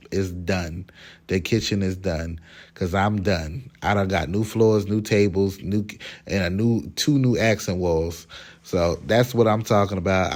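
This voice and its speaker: A man's voice: on the low side, darkish tone. A man hosting a casual cooking vlog from his home kitchen, talking straight to viewers in a chatty way, recorded on a phone camera while he cooks. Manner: chatty, talks straight to viewers, restarts sentences. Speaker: podcast host cooking for family.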